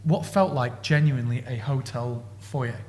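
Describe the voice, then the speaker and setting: A man co-hosting a podcast. He tells stories in a lively way, acts out the voices of the people in them, and laughs as he goes. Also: mid-range voice, normal speed, big-room sound, slight background noise. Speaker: podcast co-host. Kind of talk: animated anecdote telling.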